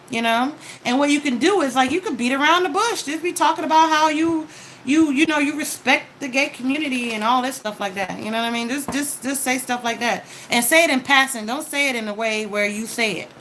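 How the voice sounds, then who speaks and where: A woman's voice: a little high, a bit bright, a little hiss or hum, rough recording. A woman giving a casual tarot reading, talking straight to the viewer with advice and frequent "okay?" check-ins. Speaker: tarot card reader.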